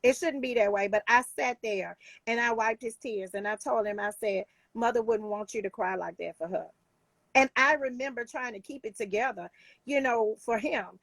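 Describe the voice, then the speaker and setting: A woman's voice: on the high side, normal speed, creaky, a bit bright, no echo. A woman life coach talking in a casual talk show, emphatic and heartfelt, with many restarts.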